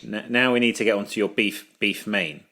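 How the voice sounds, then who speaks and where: A man's voice: fairly low pitch, steady tone, a little fast, bright, forceful tone. A man co-hosting a comedy podcast, chatting casually in a dry, teasing way. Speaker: podcast co-host.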